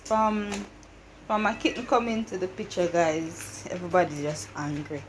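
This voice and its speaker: A woman's voice: on the low side, steady tone, moderate pace, a little hiss or hum, low-quality recording. A woman vlogger chatting to the camera at home and coaxing her cats to let her touch them. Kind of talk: casual vlog talk to camera and pets.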